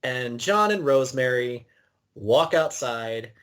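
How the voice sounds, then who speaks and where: Animated man retelling a story. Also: mid-range voice, slow. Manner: animated storyteller, acts out quotes. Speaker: podcast co-host. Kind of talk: casual episode recap.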